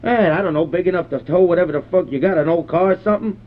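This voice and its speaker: Man putting on a cursing hot-headed country guy, rambling, high voice, tinny phone line. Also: rapid-fire, close to an everyday voice. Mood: gruff, ranting. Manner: rambling, cursing constantly, belligerent. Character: crude foul-mouthed middle-aged rural man, hot-tempered. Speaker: prank caller. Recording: phone-line prank call recording.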